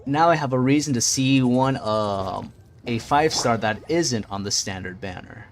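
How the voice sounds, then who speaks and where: A man's voice: medium pitch, measured pace, a little hiss or hum. A man streaming a video game, chatting casually with his viewers and muttering to himself as he searches through menus. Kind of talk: casual gameplay chat.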